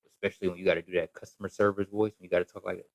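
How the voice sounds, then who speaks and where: A man's voice: sits low, little pitch movement, racing, gravelly, dry recording, low-quality recording. A man ranting casually to camera in a rambling, repetitive, emphatic way. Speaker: social media commentator.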